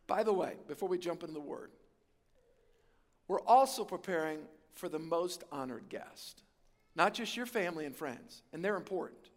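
A man's voice: on the high side, animated, moderate pace, long reverb tail. A pastor preaching a sermon to his congregation, full of call-and-response and repeated words as he builds to key points. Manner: repeats words and restarts phrases, stretches key words. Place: large church auditorium.

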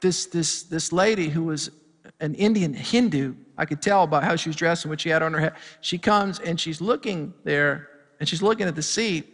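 A man's voice: fairly high pitch, normal speed, a bit bright, in a large hall. A middle-aged male pastor preaching a sermon, telling a story and building to fired-up preaching. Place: church sanctuary.

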